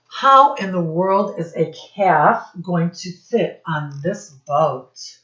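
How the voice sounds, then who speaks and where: A woman's voice: lowish voice, expressive, takes it slowly, a bit bright. A woman reading a picture book aloud to children in a teacherly way, stopping to ask them questions. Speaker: children's storyteller. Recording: dull lo-fi audio in an echoey room.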